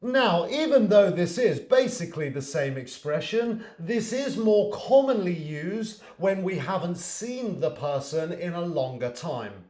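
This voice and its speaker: A British man with a fairly high voice gives a relaxed, chatty English lesson to camera. He laughs easily and acts out friendly example greetings. The room around him is noticeably echoey. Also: measured pace, few pauses. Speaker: English teacher. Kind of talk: casual video lesson to camera.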